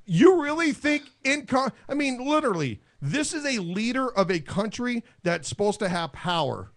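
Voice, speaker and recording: Brash male talk host, higher voice, very animated delivery. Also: normal speed. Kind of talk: casual political banter.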